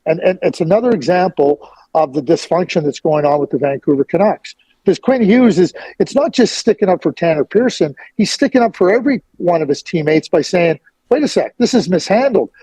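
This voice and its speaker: A man's voice: fairly high pitch, expressive, a little fast, dark tone, slightly rough, no echo, low-quality recording. A middle-aged man giving blunt, emphatic hockey opinions as a guest on a sports radio interview.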